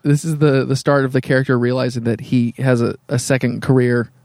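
A man co-hosting a podcast in casual banter, dropping wry, deadpan asides. His voice is gravelly with a lot of fry. The mic sound is dry and close. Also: medium pitch, a little fast, no room sound. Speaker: podcast co-host.

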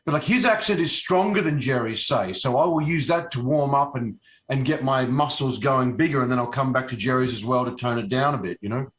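Speaking in a medium pitch, this Australian actor answers a casual interview in his Australian accent. He halts often, leaning on fillers and starting sentences over.

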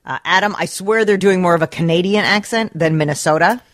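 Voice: medium pitch, fairly quick, a bit bright, no echo, studio quality. A radio co-host in casual chat, reading out listener texts and prompting questions.

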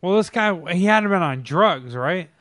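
A man co-hosting a talk show, bantering in a crude, teasing way with quick reactions. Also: high voice, lively intonation, a bit bright, dry recording, studio quality. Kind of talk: casual banter.

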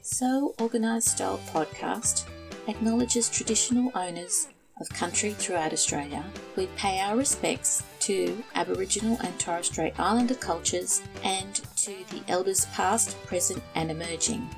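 A woman reading a formal podcast announcement in a measured way. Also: medium pitch, creaky, low-quality recording. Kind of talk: read announcement. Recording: voice over guitar music. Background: plucked guitar music.

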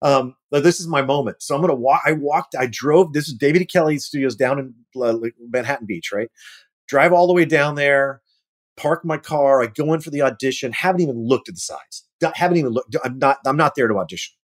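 A man, a guest actor, telling an animated, self-mocking anecdote in casual conversation and acting out the other people in it. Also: medium pitch, brisk. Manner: animated storyteller acting out quoted voices.

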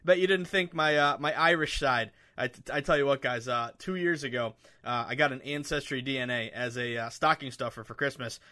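A man hosting a sports betting podcast, chatting casually from home with lots of fillers and excitement. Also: mid-range voice, brisk, hardly any pauses. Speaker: podcast host. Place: home room with window open.

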